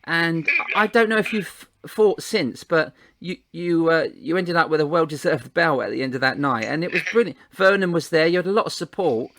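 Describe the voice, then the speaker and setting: A man's voice: on the high side, expressive, normal speed, hardly any pauses, fairly bright tone, no room sound. A man interviewing a friend in casual chat, enthusiastic and full of friendly banter.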